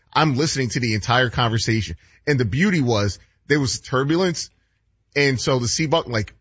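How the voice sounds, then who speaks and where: Husky-voiced male radio cohost. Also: mid-range voice, a bit bright, no room sound, muffled recording. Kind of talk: casual anecdote telling.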